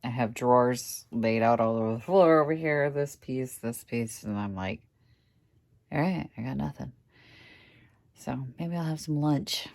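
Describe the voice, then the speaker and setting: A middle-aged woman with a low, deep-set voice talks straight to the camera in an easygoing vlog. She chats through each step of a furniture project at home and mutters to herself when things go badly. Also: unhurried, darkish tone. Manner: chatty, talks to camera while working, mutters when frustrated. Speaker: furniture flipper vlogger. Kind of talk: casual workshop vlog. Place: home workroom indoors.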